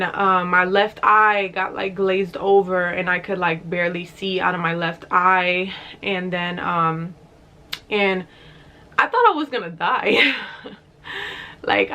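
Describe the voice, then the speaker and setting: A woman's voice: fairly low pitch, bright, forceful tone. A young woman vlogger telling a personal story in a rambling, casual way, full of fillers and swearing.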